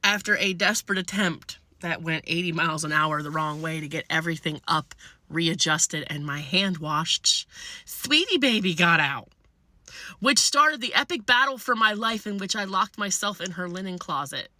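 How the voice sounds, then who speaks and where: A woman telling a comic personal story in an animated, blunt way, swearing freely. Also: fairly low pitch, moderate pace, no room sound.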